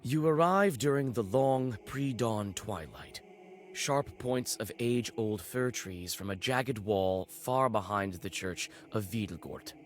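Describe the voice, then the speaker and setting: A man narrating a video game story in second person, measured and descriptive. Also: lowish voice, a little hiss or hum. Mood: neutral. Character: adult male storybook narrator.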